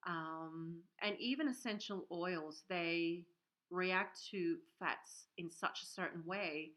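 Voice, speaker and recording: A soap maker hosts a casual livestream from her home workshop, rambling with plenty of fillers and reading viewer comments aloud. Her voice is on the low side, pushed and bright, and she takes it slowly; the stream audio is dull and lo-fi.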